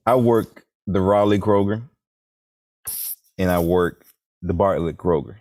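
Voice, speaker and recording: A man's voice: sits low, unhurried, a little mellow. A man, co-hosting a podcast in casual, joking banter. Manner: joking, slips into playful impressions. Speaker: podcast co-host.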